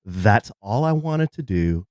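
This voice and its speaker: A man's voice: lowish voice, big pitch swings, slow, darkish tone, no room sound, clean studio sound. A man, co-hosting a podcast and telling a jokey story in a casual chat. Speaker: podcast co-host. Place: in a car.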